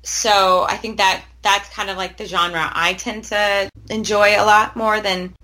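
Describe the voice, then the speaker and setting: A woman's voice: mid-range voice, flat delivery, a little slow, sharp tone, rough recording. A woman from the Pacific Northwest, an actress answering interview questions in a chatty way, full of fillers and restarts. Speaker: actress guest.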